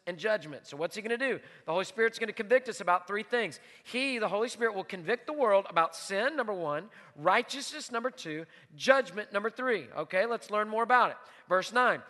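A man's voice: sits high, bright, forceful tone, in a large hall. A man preaching a sermon as pastor, emphatic, repeating key words and putting questions to the congregation. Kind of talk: sermon with storytelling and Bible teaching.

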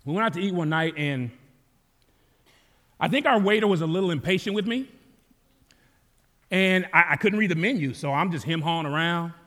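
A man's voice: on the high side, moderate pace, long pauses, a bit bright, long reverb tail. An American man, a campus pastor, preaching a sermon with easy storytelling that climbs into fervent calls to the congregation. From United States. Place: church sanctuary.

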